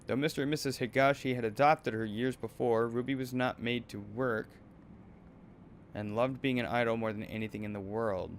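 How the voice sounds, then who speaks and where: A man hosting a let's play, reading game text aloud in a calm, low-key way. His pitch is average for a man. A faint noise sits under his voice. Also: moderate pace.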